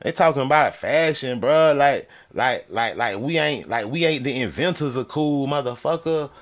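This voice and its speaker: A man's voice: mid-range voice, lively intonation, moderate pace. A man ranting in a profane, mocking way, often laughing as he talks. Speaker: vlogger. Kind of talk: profane comedic rant. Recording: crowd chatter and noise behind.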